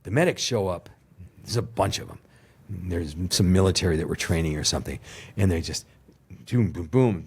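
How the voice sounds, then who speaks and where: An older man, a television producer, telling an animated story in an interview, acting out voices and laughing as he goes. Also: sits low, breathy edge. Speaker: TV producer, podcast guest.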